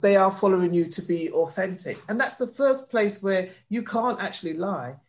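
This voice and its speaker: A woman's voice: mid-range voice, lively intonation, moderate pace. A woman who does stand-up, chatting on a podcast about performing in clubs. She speaks with emphasis and repeats her main points to land them. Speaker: guest comedian. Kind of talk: casual podcast chat.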